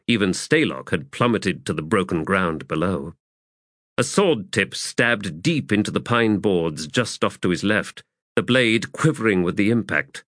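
Male narrator, low voice, measured delivery, dry close recording. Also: a bit bright, dry recording. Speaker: audiobook narrator. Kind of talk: scripted narration.

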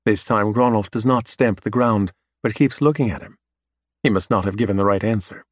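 A man reading a science fiction story aloud as narrator, in a steady, even storytelling manner. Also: lowish voice, fairly quick, no room sound, studio quality. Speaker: audiobook narrator. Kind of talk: scripted narration.

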